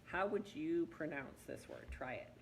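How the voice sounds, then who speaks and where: A woman giving a patient one-on-one reading lesson, gently coaxing her student to sound out words. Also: low voice, expressive, a little slow, slight background noise, low-quality recording. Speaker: reading teacher.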